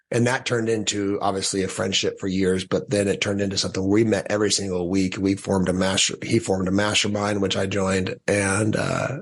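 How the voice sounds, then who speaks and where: A man with a low-pitched, husky voice recounts a personal story as a podcast guest. He talks animatedly and acts out his own past thoughts, stumbling through restarts and breaking into short laughs. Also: steady tone, moderate pace.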